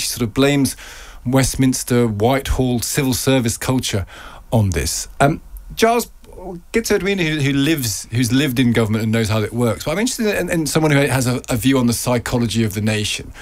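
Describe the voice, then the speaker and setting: A man hosting a breakfast radio show, chatting with guests in a measured, easy way. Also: mid-range voice. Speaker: radio host.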